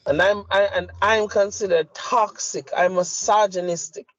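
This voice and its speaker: A man's voice: sits high, steady tone, moderate pace, a bit bright, no echo. Fired-up Jamaican man ranting. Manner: impassioned, profane, emphatic. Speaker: podcast co-host. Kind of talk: heated opinion rant. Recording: dry, slightly muffled lo-fi audio.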